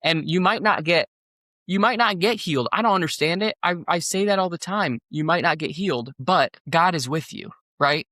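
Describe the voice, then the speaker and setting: A man's voice: fairly high pitch, moderate pace, bright, forceful tone, dry recording, clean studio sound. A man, a pastor, telling a personal story on a podcast in an earnest, rambling way with many fillers. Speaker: pastor and guest.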